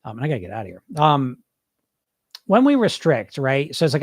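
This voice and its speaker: The speaker is a middle-aged weight-loss coach, blunt and informal, responding to listeners on a live podcast and posing rhetorical questions. His mid-range voice has a sing-song lilt and moves fairly quickly. It's a dry, clean studio recording.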